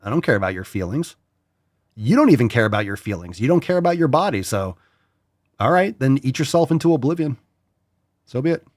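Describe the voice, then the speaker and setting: A blunt, profane man holds forth as a podcast host. His pitch swings widely as he scoffs. The sound is dry and close. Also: very animated, brisk, pauses often, no echo. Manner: blunt, profane, mocking voices for emphasis. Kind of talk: casual opinionated chat.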